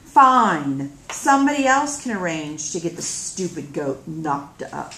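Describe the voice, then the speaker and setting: A woman voicing a defiant, sharp-tongued teenage girl in a storybook reading. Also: low voice, sing-song, unhurried, a little hiss or hum, full character voice. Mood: exasperated. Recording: echoey room.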